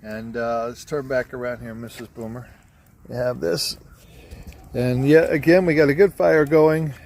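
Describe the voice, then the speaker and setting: A man's voice: medium pitch, steady tone, measured pace, vocal fry, darkish tone. A man in his sixties telling a joke in casual chat as a camping vlogger, outdoors at a campsite by a fire, filmed on a handheld camera. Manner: folksy storyteller.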